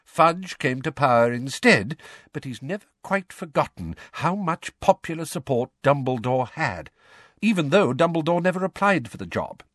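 A man's voice: on the high side, animated, normal speed, fairly bright tone, dry recording, clean studio sound, pitched above the performer's own voice. A man voicing a fatherly middle-aged wizard who explains with wry patience in a slightly raised voice.

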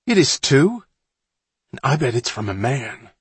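A man voicing a bossy, hot-headed older boy in a storybook, talking loudly and boastfully. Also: medium pitch, normal speed, breathy edge, no echo. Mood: excited boasting.

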